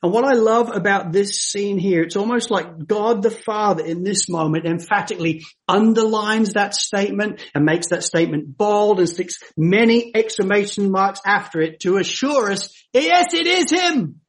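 A man delivers a sermon with a notably high voice. His storytelling is dramatic. Hushed passages give way to ringing, emphatic declarations. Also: normal speed, hardly any pauses. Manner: dramatic, swings from hushed to emphatic when quoting scripture. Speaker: preacher.

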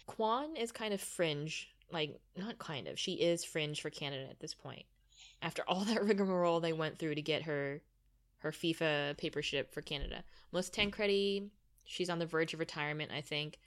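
This woman's voice is low and moves at a moderate pace. As a co-host of a soccer podcast, she walks through rosters in a relaxed, analytical style, slipping in dryly teasing remarks.

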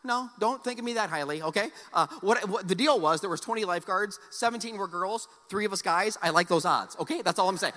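A man preaching a sermon, telling a personal story with animated, loud exclamations and soft, earnest appeals. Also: high voice, fast talker, hardly any pauses. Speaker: pastor. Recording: long hall reverb.

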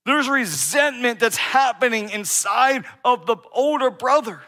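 Bright, high-voiced preaching man. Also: expressive, a little slow. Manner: conversational preaching with frequent "right?" asides. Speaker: pastor. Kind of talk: sermon.

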